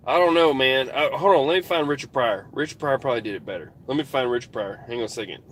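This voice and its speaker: A man's voice: mid-range voice, fast, few pauses, a bit bright, slight background noise. A man vlogging in casual rambling chat, interrupting himself and talking folksy from a vehicle.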